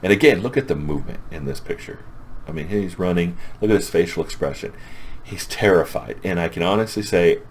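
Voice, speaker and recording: Deep-voiced, chatty comic book reviewer. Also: male voice, animated, a little fast, slight background noise. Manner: enthusiastic, chatty. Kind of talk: casual review chat.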